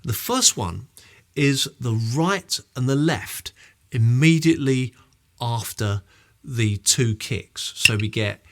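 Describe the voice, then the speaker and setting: A man's voice: medium pitch, takes it slowly. A man explaining drum technique in a friendly online lesson. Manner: friendly, explanatory, lively delivery. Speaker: drum teacher.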